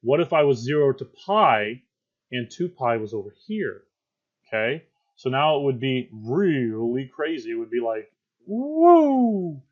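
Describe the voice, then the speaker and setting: A male math teacher giving a classroom lecture in an animated way, with joking asides and frequent check-ins with his students. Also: mid-range voice, normal speed, highs cut off.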